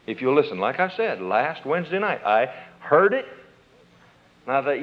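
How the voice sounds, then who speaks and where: A man's voice: medium pitch, very animated, normal speed. A middle-aged man preaching a folksy sermon, quoting scripture and acting out little inner conversations. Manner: folksy, acts out inner dialogues, quotes scripture. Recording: dull lo-fi sermon tape.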